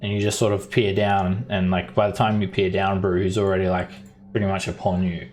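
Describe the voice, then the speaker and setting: A man's voice: low-pitched, level tone, brisk, darkish tone, soft background music. A man running a tabletop game as dungeon master, narrating casually with many fillers.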